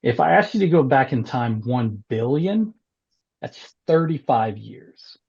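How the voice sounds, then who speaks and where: A man talking as a guest on a casual podcast, animated, often repeating words and laughing. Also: mid-range voice, a little slow, creaky, slightly rough, highs cut off. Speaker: congressional candidate, guest.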